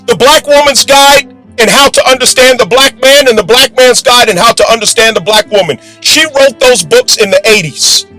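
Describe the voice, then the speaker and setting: A man delivering forceful, preachy commentary in a profane, combative way. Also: very high voice, normal speed, poor audio. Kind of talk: preaching commentary over music. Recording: music bed under voice.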